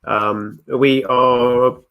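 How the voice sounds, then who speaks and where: A man's voice: mid-range voice, steady tone, very slow, bright, forceful tone. A man chatting casually as a guest, with frequent restarts and chuckles. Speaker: guest Tolkien YouTuber. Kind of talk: casual video-call discussion.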